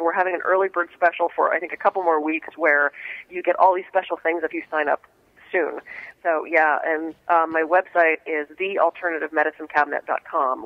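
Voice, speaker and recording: A woman's voice: low voice, no echo, narrow, tinny audio. A woman from Pittsburgh with a trained neutral American accent, a guest in a radio interview who talks with enthusiasm and laughs often. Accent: none, trained neutral American. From Pittsburgh, USA. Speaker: guest, alternative medicine practitioner.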